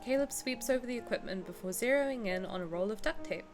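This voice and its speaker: A woman's voice: on the high side, lively intonation, fast. A woman in her twenties, a streamer, reads game text aloud and chats bluntly and playfully with her viewers. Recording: game music playing behind.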